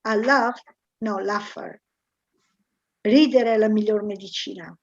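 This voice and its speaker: A woman's voice: mid-range voice, measured pace, highs cut off. A woman teaching an online English class, hesitant and full of fillers as she quizzes students. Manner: hesitant, many fillers, searching aloud.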